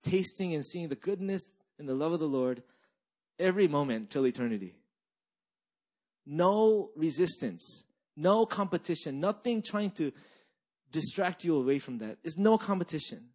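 A young male pastor delivers a sermon in a slightly high voice. He talks in a loose, animated way, leaning on "right?" and "like" to pull the congregation along. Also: moderate pace. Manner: animated storytelling, frequent "right?" and "like".

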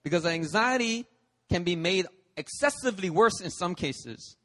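A man's voice: high voice, expressive, normal speed, sharp tone. Emphatic preacher man in reverberant hall. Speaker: pastor. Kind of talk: sermon. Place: church service. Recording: long reverb of a church hall.

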